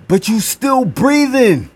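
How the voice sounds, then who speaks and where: A man hosting a podcast, giving a slow, encouraging motivational talk and leading a breathing exercise, repeating his words. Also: high voice, husky. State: gasping for air at times. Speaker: podcast host.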